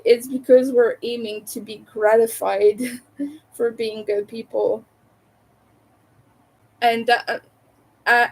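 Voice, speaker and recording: A woman from Montreal with a fairly high voice chats casually with her stream audience. She talks in a candid, opinionated way and often laughs between remarks. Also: rough recording. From Canada, Montreal. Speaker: livestreamer. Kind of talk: casual chat to a live audience.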